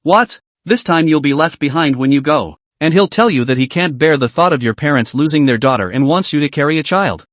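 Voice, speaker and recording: A man voicing a calm, confident young female fortune-teller, speaking lightly and matter-of-factly. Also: fairly high pitch, no echo. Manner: light, unhurried, matter-of-fact.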